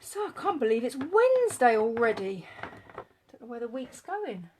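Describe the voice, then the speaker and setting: A woman's voice: a little high, sing-song, normal speed, background noise. A woman demonstrating papercraft in a live-streamed tutorial, chatting and thinking aloud as she works and greeting viewers by name.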